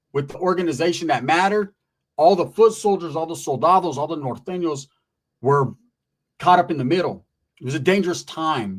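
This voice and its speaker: A man, telling a story in a casual, slangy and profane way. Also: fairly high pitch. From Merced area, California.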